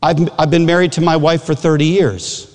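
A man in his fifties from Michigan, a pastor preaching a sermon with lively acted-out illustrations and sudden shouts. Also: fairly high pitch, a little fast, big-room sound.

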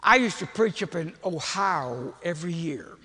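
An older man, telling a humorous story in a folksy, animated sermon. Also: fairly high pitch, normal speed, breathy edge. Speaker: preacher. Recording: long reverb of a large hall.

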